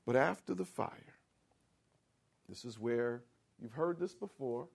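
A man's voice: expressive, vocal fry, breathy edge. Preacher man with a big dynamic swing. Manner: swings from booming declarations to hushed, fast asides; asks the congregation questions and acts out inner voices. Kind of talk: sermon.

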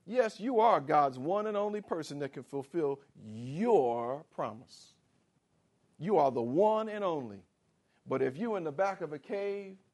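The man delivering this sermon shifts abruptly between big, booming pronouncements and soft, hurried asides. He engages the congregation with questions and performs the voices inside people's heads.

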